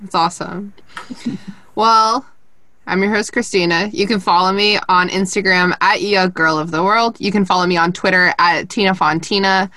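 Casting: woman podcast host, lowish voice, casual and profane, laughs easily; dry close mic. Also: sharp tone, no echo. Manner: casual, swearing, quick to laugh.

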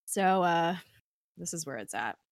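A woman casually recapping a TV episode as a podcast co-host, animated and laughing often as she acts out the characters' lines. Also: on the low side, unhurried, creaky, no room sound, clean studio sound. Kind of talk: casual chat.

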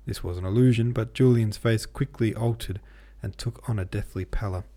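Male host-narrator for a classic novel, measured delivery, low and warm. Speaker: podcast host and reader. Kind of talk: audiobook reading of a classic novel.

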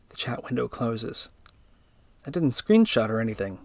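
A man reading a first-person story aloud in a steady, even narrating voice. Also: medium pitch, normal speed, dry recording.

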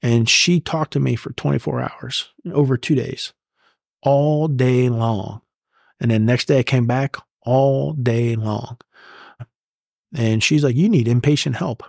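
A middle-aged American retired command sergeant major speaks slowly in a gravelly, steady, mid-range voice as an interview guest. He tells his story bluntly and emotionally, swearing plenty along the way. The recording is clean studio sound with no room sound.

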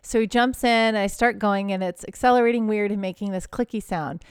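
A woman co-hosting a podcast, chatting casually and telling lively stories, laughing often. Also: medium pitch, a little fast, clean tone, no echo, clean studio sound. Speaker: podcast co-host. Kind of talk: casual chat.

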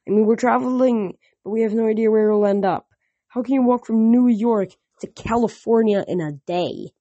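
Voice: medium pitch, moderate pace, warm tone, no echo, dull audio, voice pushed up, natural voice. A reader voicing a worried teenage girl leader. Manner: worried, self-doubting. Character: anxious, clever teenage girl leading a quest.

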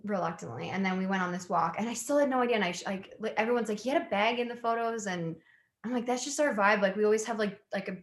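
A woman's voice: mid-range voice, quick pace. Chatty young woman, echoey room. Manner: animated storyteller, chatty, laughs often. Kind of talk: casual chat.

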